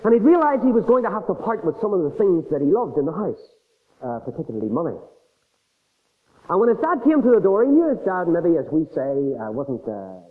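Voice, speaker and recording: A man preaching a sermon, telling a story as he goes and swinging between loud emphasis and quiet asides. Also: a little high. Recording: tinny phone-like sermon recording.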